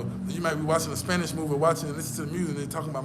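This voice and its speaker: A man's voice: a little high, fairly even intonation, very fast, few pauses, heavy background noise. A man giving blunt, profane advice in a casual storytelling rant, hammering his points by repeating them. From United States. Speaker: vlogger.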